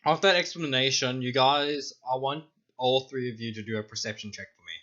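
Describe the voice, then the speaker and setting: A man's voice: medium pitch, steady tone, pushed and bright, highs cut off. A young adult man running a casual online tabletop game as game master, talking in a loose, rambling way. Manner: loose, rambling and quick to laugh. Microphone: online voice call.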